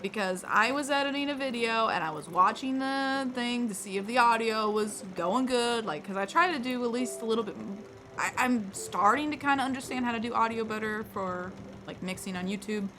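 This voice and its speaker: A woman's voice: a little high, normal speed, noisy background. A woman streaming a game live, chatting with viewers in a playful, rambling, self-deprecating way. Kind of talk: casual live gameplay commentary. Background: game music.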